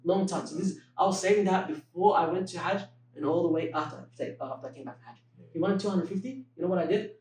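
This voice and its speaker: A young man with a high voice tells a story as a podcast guest. He is animated, acts out what people in the story said, and laughs his way through the punchlines. He sits away from the mic in an echoey room. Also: quick pace, slight background noise. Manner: peppers speech with religious expressions. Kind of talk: casual storytelling chat. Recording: roomy echo, mic at a distance.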